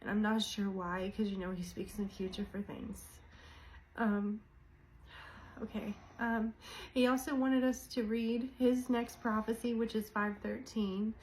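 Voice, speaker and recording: A woman's voice: mid-range voice, fairly even intonation, a little slow, a little mellow, a little hiss or hum, poor audio. A woman talking casually and emotionally to her viewers about her faith, rambling and apologizing as she goes. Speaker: co-host of a religious channel.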